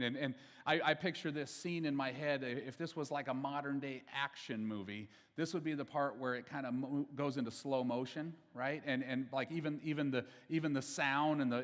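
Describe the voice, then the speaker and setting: A man's voice: medium pitch, in a large hall. A pastor giving a casual, conversational sermon. He checks in with the audience with frequent "okay?" and "right?", and he repeats words as he builds each point.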